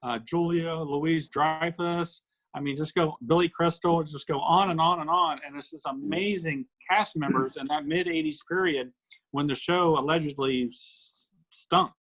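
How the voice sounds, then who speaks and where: A man co-hosting a casual podcast, telling comedy sketches with lively bursts of acted voices. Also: on the high side, normal speed, low-quality recording. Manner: animated storyteller acting out sketch lines. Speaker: podcast co-host. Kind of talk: casual chat.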